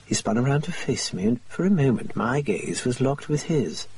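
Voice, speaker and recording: Male audiobook narrator with a husky voice. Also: mid-range voice, animated, normal speed, hardly any pauses, a little mellow, recorded from a distance. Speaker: audiobook reader. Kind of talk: scripted narration.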